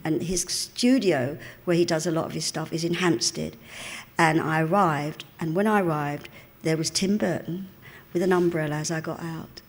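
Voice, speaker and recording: A woman's voice: deep voice, steady tone, moderate pace. An older woman in her seventies from the East End of London with a Cockney accent, telling anecdotes in a live on-stage interview and acting out the voices of the people she quotes. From East End of London, England. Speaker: guest actress. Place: cinema auditorium before an audience.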